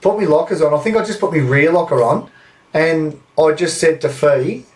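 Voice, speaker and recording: Rambling Australian bloke with swearing. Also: male voice, a little high, normal speed, a little mellow, distant mic. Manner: rambling, swears freely, acts out voices in anecdotes. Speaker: podcast host. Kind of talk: casual storytelling.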